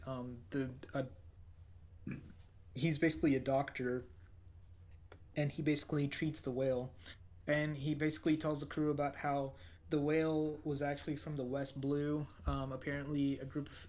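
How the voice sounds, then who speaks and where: A man's voice: medium pitch, a little mellow. A man co-hosting a podcast, recapping an anime episode in a rambling way, full of fillers and restarts. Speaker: podcast co-host.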